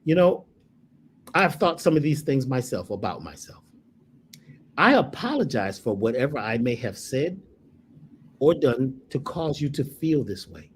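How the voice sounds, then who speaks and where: A man's voice: mid-range voice, sing-song, a little slow, pauses often, a little hiss or hum. A man talking as a spiritual teacher, emphatic and preacherly, repeating phrases to drive his points home. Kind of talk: emphatic storytelling in conversation.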